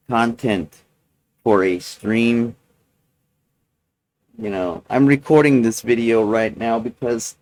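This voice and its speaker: Give me a man slowly talking through a personal video journal, low-pitched and halting. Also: a little mellow, poor audio. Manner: halting and rambling, many restarts and fillers.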